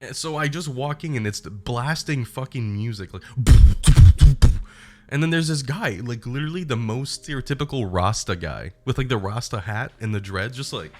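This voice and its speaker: A man's voice: mid-range voice, a little fast, hardly any pauses. Young man swearing through a comic story. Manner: animated, profane, laughing retelling. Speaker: streamer. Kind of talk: casual storytelling.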